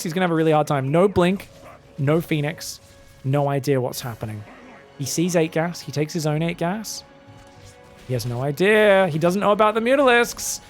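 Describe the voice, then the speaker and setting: A man casting a live esports match with chatty, joking play-by-play. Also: a little high. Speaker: esports caster. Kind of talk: live game commentary.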